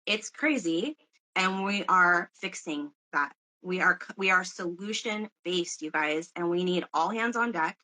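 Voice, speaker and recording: A woman's voice: fairly low pitch, measured pace, hardly any pauses, pushed and bright, low-quality recording. Emphatic woman rallying fellow union members. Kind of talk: candid podcast conversation.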